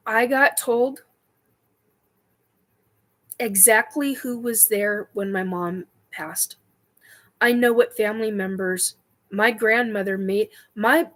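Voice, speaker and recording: Answering questions from viewers during her spiritual livestream, a middle-aged woman stumbles along, filling gaps with ums and correcting herself. She speaks in a mid-range, slightly bright voice over low-quality audio.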